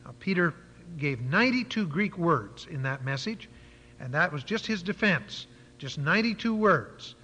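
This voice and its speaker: A man's voice: fairly high pitch, expressive, moderate pace, bright, forceful tone, slightly rough. A man preaching a sermon, retelling a Bible story and explaining words with frequent fillers. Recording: dull lo-fi church hall recording.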